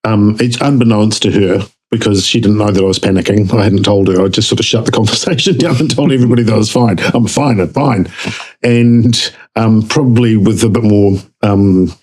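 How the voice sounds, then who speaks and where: Kiwi guy, lowish voice, animated storytelling, goes way up in pitch doing other people's lines. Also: brisk, few pauses, rough recording. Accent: New Zealand. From New Zealand. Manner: animated, jumps up in pitch acting out dialogue. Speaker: guest. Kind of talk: casual storytelling.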